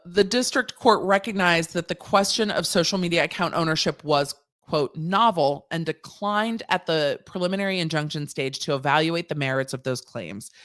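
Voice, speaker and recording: A woman's voice: low-pitched, a bit bright. A woman lawyer hosting a casual legal commentary livestream, chatty and digressive, laughing at her own jokes.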